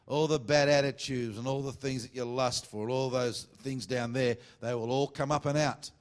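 The preacher's voice is mid-range with fairly even intonation. He's a pastor mixing playful, joking remarks to the congregation with emphatic preaching, and he reads scripture slowly and deliberately.

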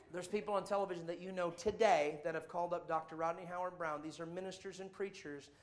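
A middle-aged man preaches with animated, emphatic storytelling. His voice sits remarkably high for a man. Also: moderate pace. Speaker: evangelist. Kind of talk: sermon.

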